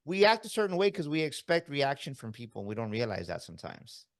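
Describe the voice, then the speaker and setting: Guy hosting a podcast, mid-pitch voice, gets really animated telling stories. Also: fast talker. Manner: animated storyteller, often asking "right?". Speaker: podcast host. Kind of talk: casual interview chat.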